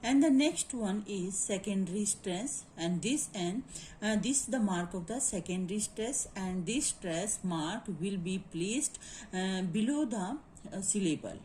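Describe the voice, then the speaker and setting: A woman teacher giving a lecture on grammar, halting often, repeating points and slipping in Hindi phrases. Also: mid-range voice, lively intonation, a little mellow, a little hiss or hum. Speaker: English teacher. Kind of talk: classroom lecture.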